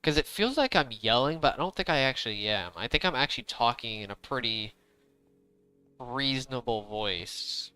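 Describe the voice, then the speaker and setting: A young man chatting casually while playing a game, rambling and deliberately speaking up, often saying "to be honest.". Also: mid-range voice, animated, sharp tone, clear, resonant tone, no echo, low-quality recording. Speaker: gaming streamer. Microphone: desk microphone.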